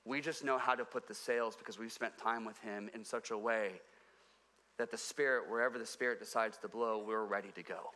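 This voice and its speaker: A man preaching a sermon to his congregation, earnest and repeating phrases for emphasis, dropping low and quiet on his key points. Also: fairly even intonation, fairly quick, long reverb tail. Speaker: pastor. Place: church sanctuary.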